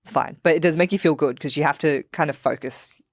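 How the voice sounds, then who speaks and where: A woman's voice: sits low, fast, no echo, clean studio sound. A woman guest on a podcast, chatting candidly and laughing at herself. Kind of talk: casual podcast chat.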